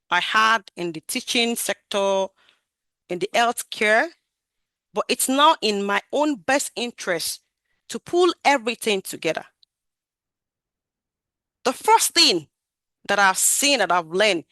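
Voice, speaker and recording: A woman gives an animated, emphatic talk over a video call about growing her career as a QA tester, raising and lowering her voice for emphasis. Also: no echo. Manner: animated, emphatic, varies her loudness and projection. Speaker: QA tester sharing career story. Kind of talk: talk on a webinar.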